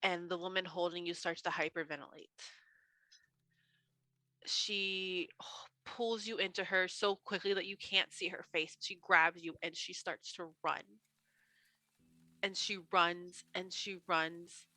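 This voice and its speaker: A woman narrating as game master of a tabletop role-playing game, telling the scene slowly and gently. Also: fairly low pitch, steady tone, dry recording, rough recording.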